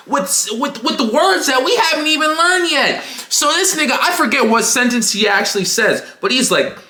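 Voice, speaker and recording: A young man telling a comedic story in an animated, profane rant, as a YouTuber. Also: very high voice, moderate pace, hardly any pauses. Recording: echoey room.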